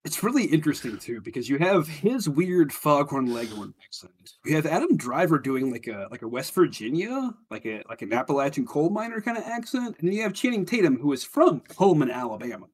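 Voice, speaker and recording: A man's voice: fairly high pitch, big pitch swings, a little fast, few pauses, husky. A man co-hosting a casual chat, tossing in wry, joking asides. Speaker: podcast co-host.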